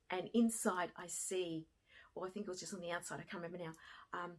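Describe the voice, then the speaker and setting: A middle-aged woman from Australia telling a personal story to camera, swinging from hushed to excited. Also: medium pitch, husky. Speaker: fashion vlogger and former teacher.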